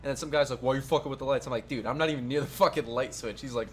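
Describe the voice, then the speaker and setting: Fast-talking, laid-back young man. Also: mid-range voice. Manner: laid-back, profane, laughs easily. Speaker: podcast co-host. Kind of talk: casual chat.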